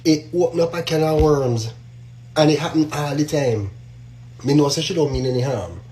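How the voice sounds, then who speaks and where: Jamaican man, fairly high voice, patois-heavy, animated exasperated rant to camera. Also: normal speed, poor audio. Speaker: social media commenter. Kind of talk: ranting monologue to camera.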